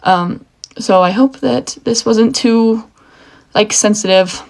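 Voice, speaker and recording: A woman's voice: a little high, takes it slowly, gravelly. A young woman giving a heated, emotional rant straight to the camera, swearing often. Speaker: video commentator.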